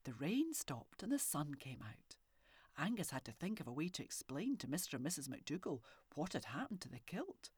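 A woman reading a children's story aloud with expressive, animated delivery and soft whispery asides. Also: low voice, normal speed, husky, dry recording. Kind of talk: storybook narration.

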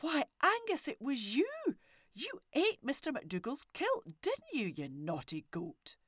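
A woman voicing an excited crofter's wife who shrieks and scolds in a storybook reading. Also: very high-pitched, slow, dry recording, clean studio sound, pitched above the performer's own voice, full character voice. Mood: shrill.

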